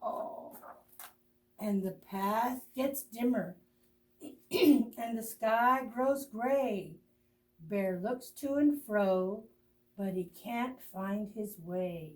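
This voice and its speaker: A woman librarian reading a picture book aloud to children, with expressive pauses, gasps and friendly asides to her young listeners. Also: mid-range voice, distant mic. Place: library storytime video.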